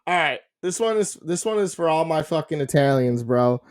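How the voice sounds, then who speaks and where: Podcast dude swearing thru a long story, laughing a lot, kinda high voice. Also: male voice, expressive, moderate pace. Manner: profane, rambling storyteller; laughs often while telling stories. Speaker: podcast co-host. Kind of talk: casual chat.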